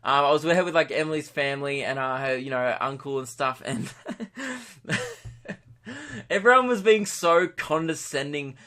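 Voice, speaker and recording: An Australian podcast host tells a comic story in a sarcastic rant, swearing often. His voice is a little high, bright and forceful, at a moderate pace with long pauses.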